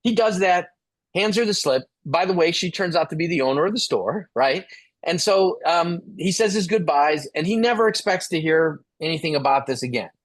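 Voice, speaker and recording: A man's voice: fairly high pitch, moderate pace. Man telling a business story. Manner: animated, repeats words while building a story. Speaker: guest speaker. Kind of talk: conversational storytelling.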